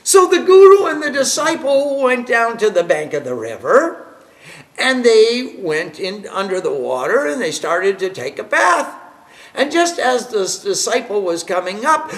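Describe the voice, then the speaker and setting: A male spiritual teacher leads a devotional class, telling stories in an animated, emphatic way and laughing along the way. His voice sits unusually high for a man. He speaks slowly, and his pitch rises and falls a lot. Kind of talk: devotional class lecture with storytelling.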